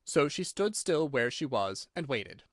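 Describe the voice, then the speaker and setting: A man reading a classic storybook aloud as an expressive audiobook narrator. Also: medium pitch, measured pace, no echo, clean studio sound. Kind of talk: scripted narration.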